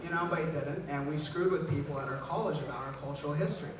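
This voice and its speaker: A man's voice: a little high, quick pace. A man from the Bay Area doing a stand-up comedy set, telling stories, acting out the quotes and often laughing. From Bay Area, California. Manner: storytelling with acted-out quotes and frequent laughs. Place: large venue with a live audience. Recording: echoey, distant, noisy live recording.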